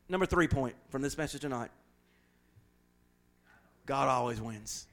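A man with a Southern accent preaching a sermon in a folksy, joking way, swinging from loud emphatic bursts to quiet low asides. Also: animated, a little slow, pauses often.

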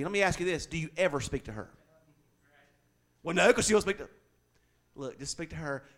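A middle-aged man preaching to his congregation, his voice sitting a little higher than most men's. He speaks casually and jokes, then leans hard on his points with loud bursts. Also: expressive, a little fast, long pauses. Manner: conversational preaching with humor and sudden loud emphasis. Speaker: pastor. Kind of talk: sermon.

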